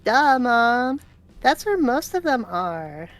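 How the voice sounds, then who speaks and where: A cocky little big sister from a story game, voiced by a woman. She is teasing and bratty, pitched higher and a bit louder than the reader's normal talk. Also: big pitch swings, takes it slowly, faint music behind. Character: cocky older sister, young girl.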